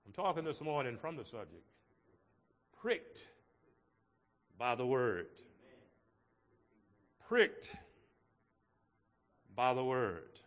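A man preaching a sermon to his congregation in a slow, measured way, with emphatic rises on key words. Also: medium pitch, sing-song, big-room sound. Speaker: pastor.

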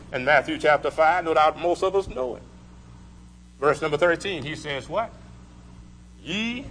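A man's voice: fairly high pitch, a bit bright, a little hiss or hum, low-quality recording. Emphatic, sing-song male preacher. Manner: rhythmic preaching with emphatic swells and drops; quotes scripture in old-fashioned wording. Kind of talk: sermon.

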